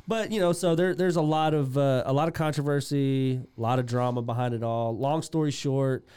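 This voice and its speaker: A man's voice: mid-range voice, fairly even intonation, moderate pace, mellow, smooth. A man co-hosting a podcast, telling stories in a rambling way with many fillers. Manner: rambling, filler-heavy storytelling. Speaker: podcast co-host. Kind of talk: casual episode recap chat.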